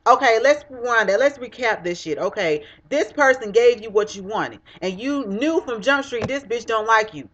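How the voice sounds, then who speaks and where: A woman's voice: on the high side, animated, moderate pace, hardly any pauses, a bit bright, slight background noise. A young woman delivering a heated, profane vlog rant straight to the camera, blunt and cutting. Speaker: vlogger. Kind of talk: ranting vlog monologue. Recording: dull lo-fi webcam audio.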